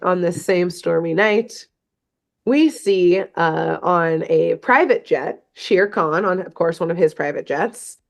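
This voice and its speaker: A young adult woman co-hosting a podcast, recapping a cartoon episode in casual, animated storytelling and slipping into playful quoted voices. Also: on the low side, takes it slowly, gravelly, faint music behind. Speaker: podcast co-host.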